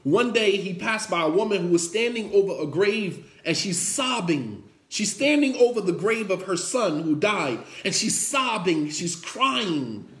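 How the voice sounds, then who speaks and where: Man giving a sermon, high voice, repeats stuff for emphasis, echoey room. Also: lively intonation, measured pace, few pauses, a bit bright. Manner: emphatic and repetitive, acts out quotes. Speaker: preacher. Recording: roomy echo.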